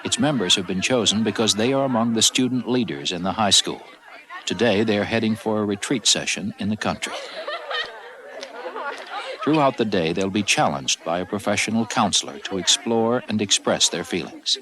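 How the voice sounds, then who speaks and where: A man giving measured, scripted narration for a documentary. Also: fairly low pitch, expressive, a crowd in the background.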